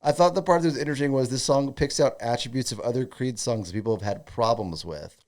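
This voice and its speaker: A man's voice: medium pitch, fast talker. A man co-hosting a comedy podcast, joking around in casual chat and reading listener comments aloud. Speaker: podcast co-host.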